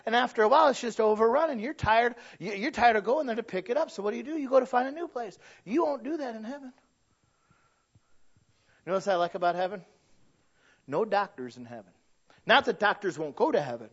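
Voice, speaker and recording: High-pitched guy preaching a sermon, goes quiet then big and loud, kinda muffled lo-fi sound. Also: animated, fairly quick. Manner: dynamic preaching, swinging from hushed to loud and drawn out. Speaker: pastor. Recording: dull lo-fi sound.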